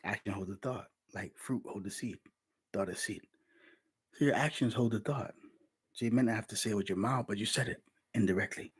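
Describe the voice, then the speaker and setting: Husky guy preaching, street talk, keeps saying man. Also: fairly low pitch, brisk. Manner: streetwise, conversational preaching, calls listeners man. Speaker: religious teacher. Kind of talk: informal scripture teaching.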